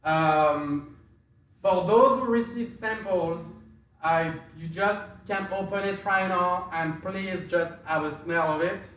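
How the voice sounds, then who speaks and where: Male spice presenter, slightly high, hesitant and filler-heavy; very echoey, distant recording. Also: slow pace, a bit bright, slight background noise. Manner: hesitant, many fillers and restarts. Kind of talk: casual explanatory talk. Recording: very echoey room, distant from mic.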